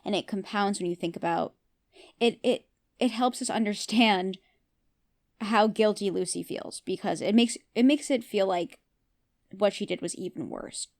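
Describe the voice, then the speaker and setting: A woman's voice: medium pitch, moderate pace, a little mellow. Chatty woman recapping a TV show. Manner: chatty, opinionated, asks the listener questions. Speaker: podcast host. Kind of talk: casual TV episode recap.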